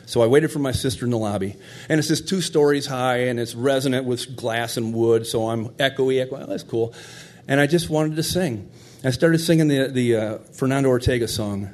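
A man's voice: medium pitch, brisk, hardly any pauses, darkish tone. A middle-aged man telling a heartfelt personal story in a conversational, tender way.

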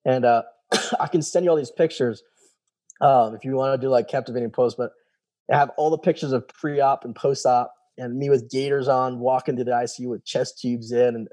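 This young adult guest tells his story casually in a steady, mellow mid-range voice at a normal pace, wandering as he goes and quoting people with "he's like." The recording is dry.

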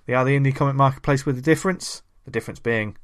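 A man's voice: mid-range voice, rapid-fire. A man hosting a comics podcast in casual chat, jokey and rambling, laughing often. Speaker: podcast host.

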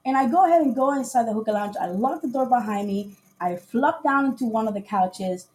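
A woman hosts a casual live podcast, animatedly recounting a dating story, often laughing and acting out what people said. Her voice sits on the high side and moves a little fast.

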